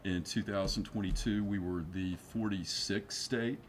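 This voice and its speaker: A man with a fairly low voice explains the law as a guest on a studio news interview. He works through his points with frequent fillers and restarts. A faint hiss sits under the recording. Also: fairly even intonation, measured pace. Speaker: attorney guest.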